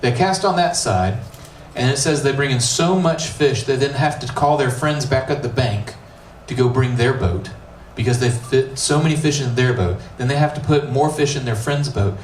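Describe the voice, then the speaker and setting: A man preaching a youth sermon, a middle school pastor who retells the story in a lively, casual way and acts out the characters' lines. His voice sits at an average pitch and is heard from some distance in an echoey room. A faint ambience runs behind him. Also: normal speed, few pauses, slight background noise. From United States. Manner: animated storytelling, acting out dialogue with casual asides.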